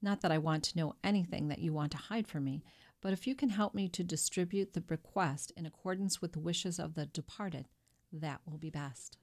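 A woman voicing a calm, measured male priest who speaks formally. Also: on the low side.

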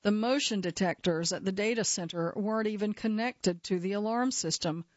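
A woman's voice: medium pitch, dry recording. Woman narrating true crime, dry sound. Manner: measured, steady storytelling. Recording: slightly dull, dry studio sound.

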